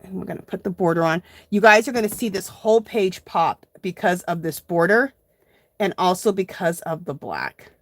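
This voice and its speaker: A woman's voice: on the low side, animated, moderate pace. A woman hosting a casual live art journaling tutorial, chatting to viewers as she works. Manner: chatty, addresses viewers as "you guys".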